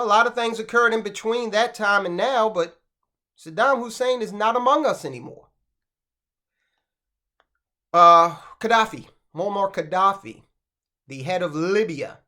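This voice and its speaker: Man, finance commentary host, sardonic and rhetorical, very lively pitch, bright edgy tone. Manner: sardonic, rhetorical, keeps asking "okay?". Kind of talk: opinionated commentary.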